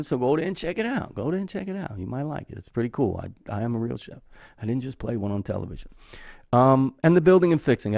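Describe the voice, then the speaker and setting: A man's voice: medium pitch, vocal fry, warm tone, dry recording. A man hosting his own channel, talking to camera in a loose, earnest way, full of fillers and restarts, from his home studio. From Irish heritage. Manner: rambling, earnest, many fillers. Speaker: YouTube host. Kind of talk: casual talk to camera.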